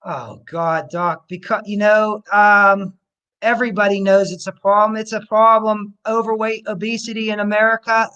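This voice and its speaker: A man's voice: sits high, level tone, moderate pace, pushed and bright, clear, resonant tone, dull audio. A man, a personal trainer, answering interview questions in a rambling, coach-like way. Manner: rambling, full of fillers and restarts, coach-like encouragement.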